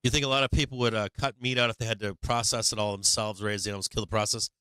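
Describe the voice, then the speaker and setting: Crisp, forceful low-voiced male streamer. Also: steady tone, racing, no room sound. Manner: rambling and profane, answers chat. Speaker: livestream host. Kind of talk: casual livestream chat.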